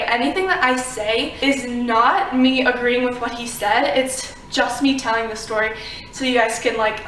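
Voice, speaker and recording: A woman vlogger from Florida chats to camera about a personal experience, her voice fairly high and a bit bright. The telling is casual and rambling, studded with "like" and "um," and the distant mic yields a roomy sound with slight background noise.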